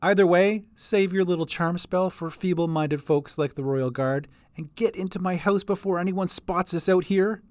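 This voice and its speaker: A man's voice: sits high, normal speed, few pauses, dry recording, voice pushed up, close to an everyday voice. A man voicing a haughty, wealthy swordsman with a dry drawl.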